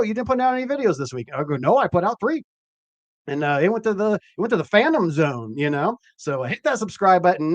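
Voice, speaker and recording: A man hosting a cannabis growing podcast live, chatting casually in an animated, rambling and profane way. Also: on the high side, no echo. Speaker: podcast host. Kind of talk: casual live-stream chat.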